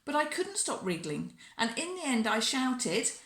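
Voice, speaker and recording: A woman reads a children's picture book aloud, slow and unhurried, in an expressive storyteller manner. Her voice is bright and lively. The room gives her voice a clear echo. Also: a little high. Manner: warm, expressive read-aloud.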